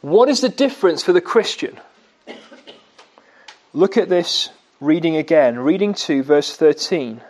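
A man preaching a sermon, asking his listeners questions and answering them himself, and slowing down to stress key words. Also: on the high side, darkish tone. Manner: slow, emphatic delivery on key words.

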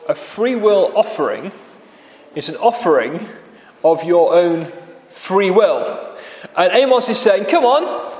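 In an echoey hall, a man gives a sermon with a sarcastic edge, raising his pitch to mock the lines he quotes.

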